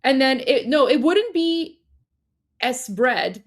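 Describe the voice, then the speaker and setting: A woman's voice: high-pitched, lively intonation, slow. A woman co-hosting a livestream, chatting casually with lots of fillers and restarts and frequent laughter. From Iran. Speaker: livestream co-host.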